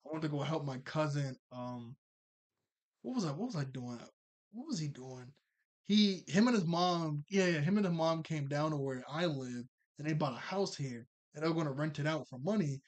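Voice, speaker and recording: A man's voice: on the high side, animated, normal speed. Chatty young man recapping a cartoon. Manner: rambling, laughs often, lots of fillers. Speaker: cartoon episode reviewer. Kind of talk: casual recap and chat.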